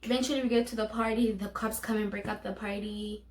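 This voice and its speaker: A fast-talking young South African vlogger with a South African accent relates a personal story in a steady, medium-pitched voice. She acts out others' lines, recorded in an echoey room.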